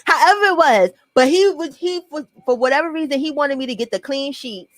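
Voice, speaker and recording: A woman's voice: high-pitched, animated, a little fast, no room sound, poor audio. A young woman with a New York accent telling a personal story to camera in a blunt, profane storytime vlog, talking straight to her viewers.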